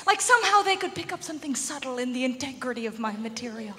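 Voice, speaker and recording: A woman from Canada doing a stand-up comedy set, animated and laughing often as she acts out little voices. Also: high-pitched, quick pace. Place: comedy club stage before a live audience. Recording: live hall recording with crowd noise.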